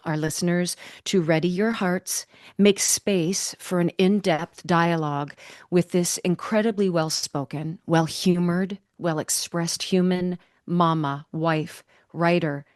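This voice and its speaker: A woman hosting a podcast, reading a heartfelt guest introduction and chatting expressively, with emphatic upward swings when excited. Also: fairly low pitch, dry recording, studio quality. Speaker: podcast host. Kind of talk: scripted introduction and casual interview chat.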